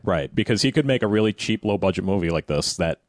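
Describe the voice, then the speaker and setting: A man with a very deep voice co-hosts a casual movie review podcast. His pitch swings widely as he jokes and laughs, and the sound is dry and close. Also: fast talker, no room sound. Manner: animated, jokey, laughs often. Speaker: podcast co-host.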